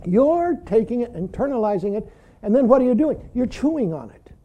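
A man's voice: extremely high pitch, big pitch swings, fairly quick, highs cut off. A man giving a dharma talk to his students as a Zen teacher, emphatic and chuckling, with "see" after nearly every thought. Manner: emphatic, keeps saying "see", chuckles often.

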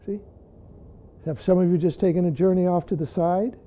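Older man giving a high, mellow Zen talk. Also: fairly even intonation, moderate pace, long pauses. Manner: earnest, frequently says "see". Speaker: Zen teacher. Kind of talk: dharma talk.

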